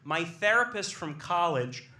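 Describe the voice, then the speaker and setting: Animated man telling a stand-up story. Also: fairly high pitch, measured pace, noisy background. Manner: animated, excitable storyteller acting out quotes. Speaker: comedian. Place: small comedy club stage with live audience. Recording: roomy club sound with faint ambience.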